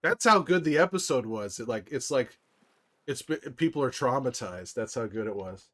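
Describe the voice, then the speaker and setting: A man livestreaming casually to his viewers, rambling excitedly with frequent restarts and laughs. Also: medium pitch, moderate pace. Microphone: desktop microphone.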